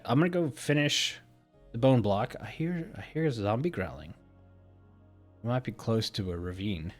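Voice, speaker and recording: A man with a groggy morning voice, hosting a relaxed, rambling Minecraft let's play commentary and laughing often. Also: mid-range voice. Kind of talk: casual gameplay commentary.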